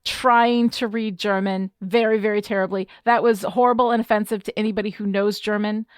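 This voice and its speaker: Give me a podcast co-host woman from New York State telling an animated story. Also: mid-range voice, brisk, smooth, no echo, studio quality. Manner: animated, self-deprecating storytelling. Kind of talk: casual chat.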